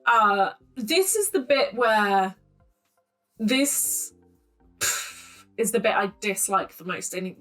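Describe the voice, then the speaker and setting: A woman's voice: medium pitch, very animated, takes it slowly, pauses often, fairly bright tone, faint music behind, low-quality recording. A woman giving casual, opinionated close-reading commentary as the host of a poetry analysis channel, talking to her camera at home with plenty of ums. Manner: chatty and opinionated, with frequent ums.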